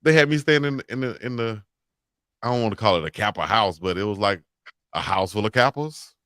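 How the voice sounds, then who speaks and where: A man co-hosting a casual live stream, telling animated stories about himself and laughing through his own words. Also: lowish voice, brisk, no room sound, studio quality. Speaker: podcast co-host.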